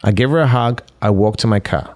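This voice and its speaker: This man's voice is on the low side and a little mellow, and he talks fairly quickly. Guesting on a podcast, the life coach spins lively stories in conversation, voicing both parties in every exchange.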